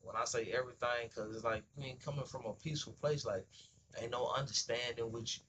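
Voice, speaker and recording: On his livestream, a man speaks fast in a medium-pitched, fairly bright voice with fairly even intonation, and there's slight background noise. He delivers a casual, blunt monologue full of street slang and swearing, playing both parties in everyday exchanges.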